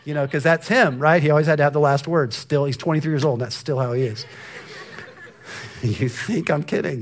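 A man's voice: on the high side, a little fast. A middle-aged man giving a sermon, telling a story about his son and at times dropping to a near whisper for emphasis. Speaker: pastor.

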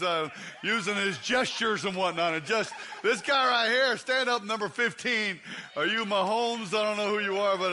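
A man preaching a humorous sermon, loud and teasing the congregation. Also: high-pitched, a little hiss or hum. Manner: loud, joking, teasing the crowd. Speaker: guest preacher.

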